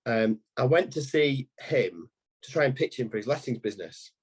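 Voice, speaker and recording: A man's voice: mid-range voice, expressive, moderate pace, husky. A man in his thirties, an estate agency owner, telling a long anecdote in a podcast interview, rambling with frequent restarts.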